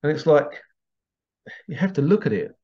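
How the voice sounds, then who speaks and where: A man's voice: on the high side, lively intonation, moderate pace, warm tone. A man talking in a rambling, casual monologue, chuckling now and then. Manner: rambling, chuckling, acts out bits in funny voices. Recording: slightly dull lo-fi audio.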